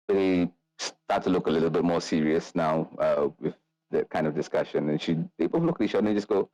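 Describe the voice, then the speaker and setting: A man with a fairly low voice narrates a tabletop game as its game master. The sound is dry and close to the mic. He talks loosely, with plenty of fillers. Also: moderate pace, pauses often, dark tone, no room sound, muffled recording. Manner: narrates with many fillers, voices characters higher.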